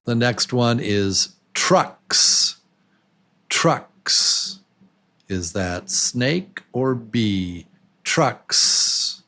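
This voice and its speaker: A man's voice: mid-range voice, extremely slow, few pauses, fairly bright tone. A man teaching a beginner English pronunciation lesson, patient and encouraging, repeating each word several times.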